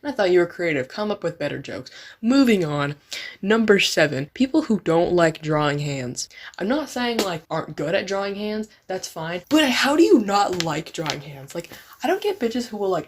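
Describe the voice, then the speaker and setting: Profane ranting woman, low voice. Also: lively intonation, brisk, breathy edge. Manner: profane, lots of "like" fillers, exasperated. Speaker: art vlogger. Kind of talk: casual ranting commentary.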